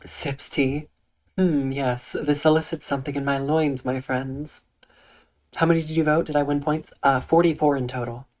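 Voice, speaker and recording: Streamer, soft calm voice, eloquent diction, deadpan, medium pitch, livestream chat. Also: moderate pace. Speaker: Twitch streamer. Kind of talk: casual livestream chat reading out viewer comments.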